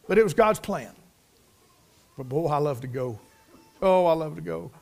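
Preaching at a moderate pace, this middle-aged man has a fairly high voice with lively intonation and some vocal fry. His sermon is folksy and sincere, with repeated words for emphasis. He moves back and forth between soft moments and loud, fervent ones.

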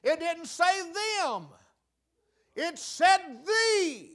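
A man preaching a sermon, repeating phrases with emphatic, folksy, drawn-out delivery. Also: very high voice, very animated, a bit bright.

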